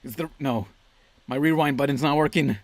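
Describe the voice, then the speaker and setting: A man's voice: mid-range voice, normal speed. A man in a video telling an awkward personal story while gaming, hesitant, stammering and self-deprecating. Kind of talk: vlog storytelling over gameplay.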